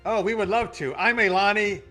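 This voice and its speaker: A man's voice: high voice, a little fast, sharp tone, soft background music, pitched above the performer's own voice. A man voicing an overly polite young woman adventurer who gushes and apologizes. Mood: gushing.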